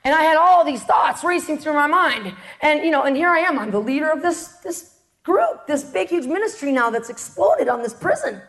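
A woman giving a lively spoken testimony to an audience, acting out the people in her story and laughing often. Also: sits high, brisk. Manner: animated storyteller, acts out quotes, laughs often. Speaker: ministry speaker sharing testimony.

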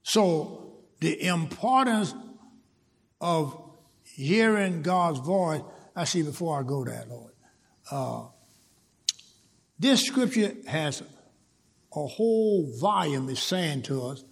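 A man's voice: on the high side, lively intonation, takes it slowly, creaky, pauses often, slightly rough, long reverb tail. A man preaching a sermon, repeating words and building to emphatic points. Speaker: pastor.

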